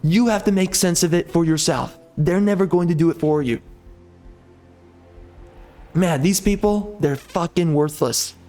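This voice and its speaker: An agitated man rants over gameplay, cursing freely and stammering through repeated words. His voice sits a little high for a man, and a faint game soundtrack plays underneath. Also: unhurried, pauses often, mellow, faint music behind. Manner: angry, profane, stammering repetitions. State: agitated, seething. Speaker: gaming channel host. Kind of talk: ranting commentary over gameplay.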